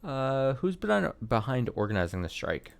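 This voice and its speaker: A man's voice: mid-range voice, very animated, moderate pace, gravelly, smooth. A man hosting a let's play, reading dialogue options aloud in a hesitant way with many uhs and ums. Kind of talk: reading game dialogue aloud while playing.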